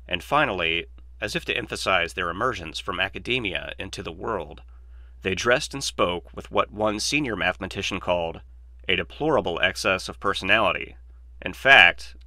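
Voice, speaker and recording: Man, audiobook narrator, low voice, crisp bright tone, dry close sound. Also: no echo. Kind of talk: reading a novel aloud.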